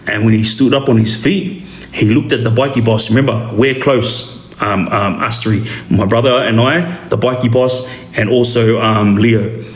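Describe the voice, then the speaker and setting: A man with an Australian accent telling a street story in a casual, animated way, often checking in with the listener. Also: fairly low pitch, moderate pace. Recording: roomy echo.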